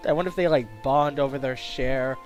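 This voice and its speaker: A young man casually commenting on a game he is playing, rambling and joking with quick asides. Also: medium pitch, faint music behind. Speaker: let's play host.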